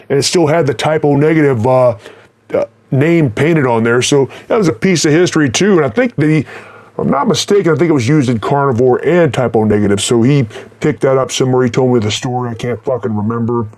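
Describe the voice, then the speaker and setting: A man's voice: medium pitch, a little mellow. Rambling, cussing man telling tour stories. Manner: rambling, profane, with many fillers. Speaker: black metal musician. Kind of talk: casual tour recap.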